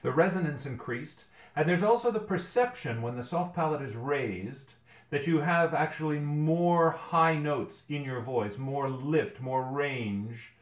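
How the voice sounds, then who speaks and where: A man's voice: a little high, expressive, measured pace. Man teaching voice in an echoey room. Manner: explanatory, repeats words while thinking. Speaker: vocal coach. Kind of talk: vocal training tutorial.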